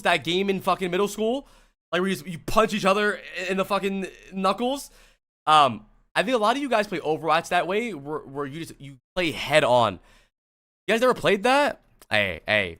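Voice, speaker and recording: A man's voice: a little high, big pitch swings, moderate pace, sharp tone. A young man from the US East Coast reviewing gameplay on a live stream, talking to chat in a blunt, profane and casual way. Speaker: streamer and coach.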